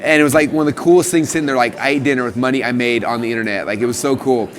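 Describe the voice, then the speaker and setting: A man in his thirties hosting a live stream, telling his story in a casual, eager, excitable way. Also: medium pitch, some chatter behind. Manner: eager, excitable, talks in rapid bursts.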